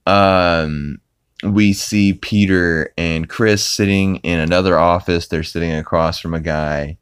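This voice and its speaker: A man's voice: sits low, steady tone, measured pace, smooth, dry recording, studio quality. A man hosting a podcast, casually retelling a cartoon episode with plenty of fillers and chuckles. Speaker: podcast host.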